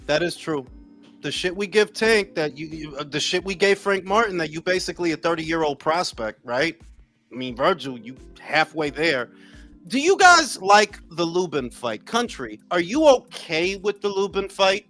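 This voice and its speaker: A man hosting a casual late-night boxing chat, loud and joking, calling on each guest in turn. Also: a little high, very animated, moderate pace, soft background music. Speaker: podcast host.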